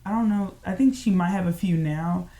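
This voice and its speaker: A woman's voice: fairly low pitch, fairly quick, over a noisy crowd. A young woman in casual chat, musing and storytelling with lots of "like" and "um". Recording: echoey room.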